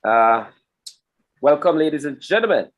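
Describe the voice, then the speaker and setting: A man's voice: on the high side, sing-song, moderate pace, poor audio. A man hosting a live online webinar, chatty and improvising through technical trouble, his audio breaking up over a computer mic. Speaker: webinar host. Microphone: computer mic on a video call. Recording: broken-up online call audio.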